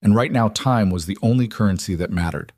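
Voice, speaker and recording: A man narrating a family drama story in a steady, unhurried scripted read. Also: on the low side, dry recording.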